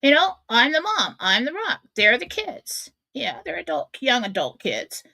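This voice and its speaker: A woman's voice: a little high, huge pitch swings, unhurried, gravelly, pushed and bright, no room sound. A middle-aged woman hosting a radio show, telling a personal story in a candid, self-mocking way. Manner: candid, self-mocking, acts out her own thoughts.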